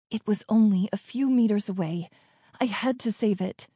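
A woman narrating a first-person story in a tense, hushed way, close to the mic. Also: medium pitch, moderate pace, husky, dry recording. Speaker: audiobook narrator.

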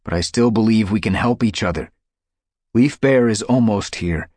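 A man's voice: fairly low pitch, normal speed, a little mellow, dry recording, studio quality, voice pushed up, natural voice. A man voicing a burdened male cat clan leader who speaks firmly with a growl in a storybook reading. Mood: stern. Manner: growling, firm.

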